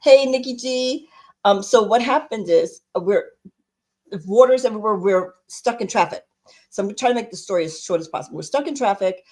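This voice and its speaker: A woman's voice: mid-range voice, fairly quick. Chatty New woman telling a story. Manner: chatty, animated storyteller, acts out quoted dialogue. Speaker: podcast co-host. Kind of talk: casual storytelling chat.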